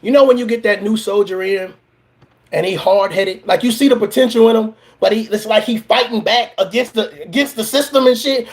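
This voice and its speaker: A man's voice: high voice, a little fast. A man giving a blunt, profane, confrontational reaction rant, preaching like a motivational coach.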